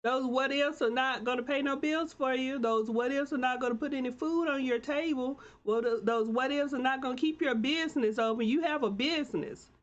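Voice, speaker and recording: A woman's voice: sits high, brisk, hardly any pauses, highs cut off. A woman hosting her own live-stream talk show, greeting viewers by name and encouraging them in a preacher-like way. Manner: warm encouraging, churchy preacher-like exhortation.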